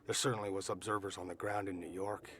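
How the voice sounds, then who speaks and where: A man's voice: low voice, steady tone, fairly bright tone, slight background noise. Earnest middle-aged man recounting events. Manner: earnest, emphatic storytelling with pauses and restarts. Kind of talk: recorded eyewitness testimony.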